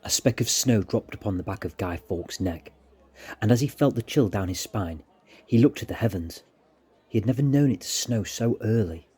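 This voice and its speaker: Low, husky male storyteller. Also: animated, moderate pace, mellow. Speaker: narrator. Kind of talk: storytelling narration.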